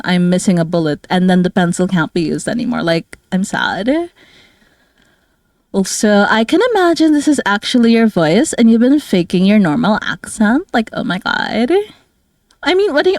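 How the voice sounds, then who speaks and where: A woman's voice: mid-range voice, darkish tone, no room sound, clean studio sound. A young woman streamer chatting casually while she draws, bubbly and giggly. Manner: bubbly, giggly, full of "like" and "oh my God". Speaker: streamer and artist. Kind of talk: casual chat while drawing.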